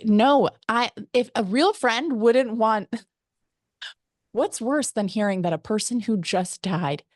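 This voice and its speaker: A woman's voice: fairly high pitch, takes it slowly, dry recording. Theatrical woman podcast host, dry sound. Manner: dramatic, theatrical. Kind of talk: casual comedic chat.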